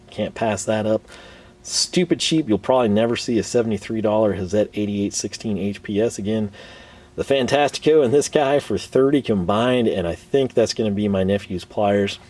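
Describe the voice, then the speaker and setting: A lowish, mellow male voice talks through a casual tool haul vlog in his garage shop, rambling with plenty of fillers and restarts. His voice sounds a little worn, and he is picked up from a distance by the camera mic. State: tired, voice worn. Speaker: tool reviewer.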